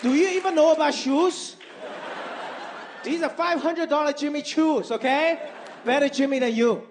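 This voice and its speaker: A man's voice: very high voice, sing-song, slow pace, heavily acted. A man putting on an insistent bargain-proud Asian mother. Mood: boastful. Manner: insistent, repeats herself. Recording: live club set with crowd laughter and noise.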